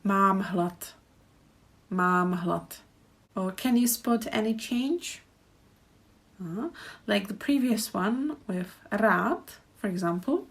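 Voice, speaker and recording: A Czech language teacher gives a pronunciation lesson, speaking carefully and repeating each phrase so learners can practice. Her voice is medium-pitched and husky.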